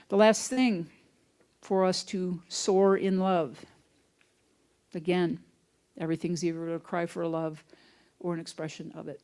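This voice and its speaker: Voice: mid-range voice, fairly even intonation, unhurried, a little mellow. A minister giving a conversational sermon in a church sanctuary, telling folksy stories. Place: church sanctuary, also streamed online.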